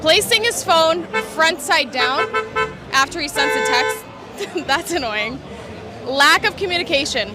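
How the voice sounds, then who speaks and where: A woman's voice: high-pitched, expressive, unhurried, loud music behind the voice. A woman in her twenties, answering a street interviewer and listing her opinions matter-of-factly. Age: 20s.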